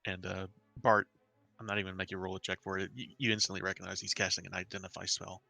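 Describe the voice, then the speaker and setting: Gravelly-voiced man running a tabletop game. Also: low-pitched, level tone, pushed and bright, no room sound, faint music behind. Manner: halting, filler-heavy narration. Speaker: game master.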